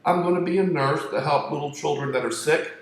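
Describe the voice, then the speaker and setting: Man doing a sweet-talking young woman dancer, higher and coy, echoey room. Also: fairly quick, close to an everyday voice.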